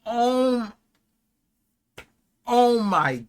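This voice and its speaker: A young man hosts a live watch party stream, erupting in excited, emotional reactions that shift from hushed awe to loud shouting. His voice sits a little high and he speaks a little slowly.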